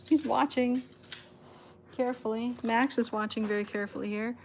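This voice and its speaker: A woman's voice: on the high side, a little mellow, a little hiss or hum. A woman hosting a cat rescue livestream indoors, chatting casually with viewers, laughing often and cooing at the cats.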